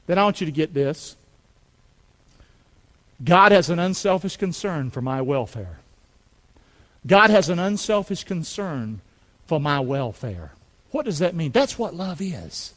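A man with a North Carolina Southern accent preaching a fervent sermon, pushing his congregation to repeat lines back to him. His voice sits high for a man and swings widely in pitch as he rises and drops. The sound rings with the long reverb of a church hall. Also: expressive, normal speed, long pauses. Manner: loud, fervent call-and-response preaching. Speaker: pastor. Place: church building.

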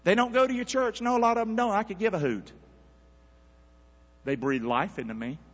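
Folksy, high-voiced male pastor preaching. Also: brisk, fairly bright tone. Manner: folksy, conversational preaching with call-and-response. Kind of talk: sermon. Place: church sanctuary. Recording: dull audio in a reverberant hall.

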